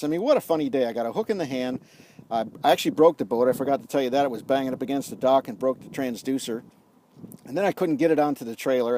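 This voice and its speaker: A middle-aged man telling a lively story in a casual vlog outdoors, acting out the dialogue as a leadership coach. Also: mid-range voice. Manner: animated storyteller, acts out dialogue. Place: outdoors on a golf course.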